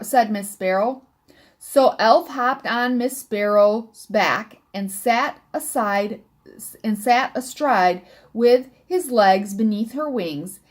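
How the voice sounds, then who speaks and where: Slow, lively woman reading a storybook. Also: a little high. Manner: slow, careful, stumbles and rereads words. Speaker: storybook reader. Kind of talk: reading a children's book aloud.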